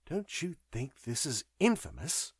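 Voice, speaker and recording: A man's voice: on the high side, huge pitch swings, measured pace, husky, dry recording, clean studio sound, heavily acted. A man voicing an earnest, agitated young man who presses with questions. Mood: quietly shocked.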